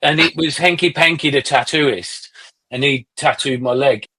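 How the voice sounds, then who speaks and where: A middle-aged man, a musician guest on a podcast, telling animated anecdotes in casual conversation and swearing freely. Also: mid-range voice, moderate pace, husky.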